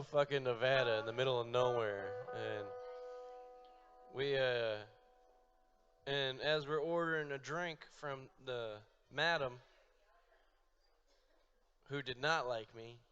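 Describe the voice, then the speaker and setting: A man telling a long, profane, deadpan story on stage between songs. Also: mid-range voice, smooth, lo-fi sound. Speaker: comedic storyteller and musician. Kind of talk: stand-up storytelling.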